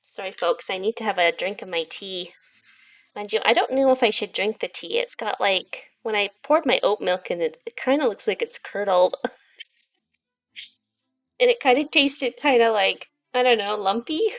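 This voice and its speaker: A woman's voice: mid-range voice, lively intonation, normal speed. A woman hosting a gaming channel, making chatty, giggly asides while she plays through a story game. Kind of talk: casual gameplay commentary.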